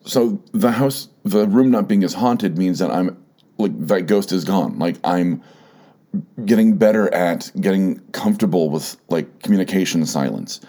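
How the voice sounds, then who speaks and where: A man's voice: low voice, moderate pace, dark tone. A man hosting a solo podcast, rambling candidly and filling his talk with "like" and "you know," swearing now and then. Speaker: podcast host.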